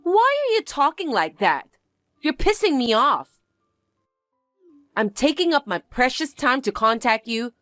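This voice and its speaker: A woman's voice: high-pitched, big pitch swings, unhurried, pauses often, a bit bright, no echo, soft background music, heavily acted. A woman voicing a bratty, vain young stepsister who talks down to everyone in a haughty, demanding way. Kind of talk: dramatized story narration.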